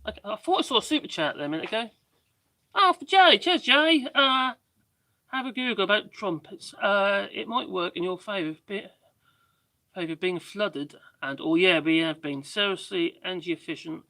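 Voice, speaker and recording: A man with a high, bright voice talks to his live viewers while he works on a repair job. He rambles, restarts his sentences and mutters to himself between thoughts. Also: expressive, normal speed. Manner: rambling, hesitant, with many restarts and fillers. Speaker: live-stream host. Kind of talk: casual live-stream chat during DIY work.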